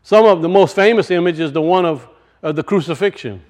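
High-voiced preacher, rising and falling. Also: male voice, fairly quick. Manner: rises loud then drops to hushed, storytelling. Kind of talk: sermon with personal story.

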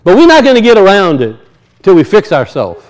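A man preaching a sermon and telling stories, swinging from loud high peaks to low muttered asides. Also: huge pitch swings, a little fast, rough recording. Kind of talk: sermon with storytelling.

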